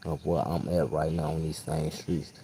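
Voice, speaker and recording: A man's voice: rumbling low, flat delivery, normal speed, mellow, slight background noise, poor audio. A man, vlogging outdoors on the street at night in an emphatic monologue, tagging nearly every phrase with a question to the viewer. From Louisiana, USA. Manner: emphatic, repeats "you heard me" constantly. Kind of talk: casual street monologue to camera.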